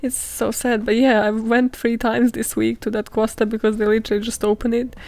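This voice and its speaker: A young woman rants through a podcast outro in a blunt, sweary, casual monologue. Her voice sits a little high. The sound is dry and close, with no room echo. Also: little pitch movement, brisk, creaky, a little mellow. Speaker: podcast host.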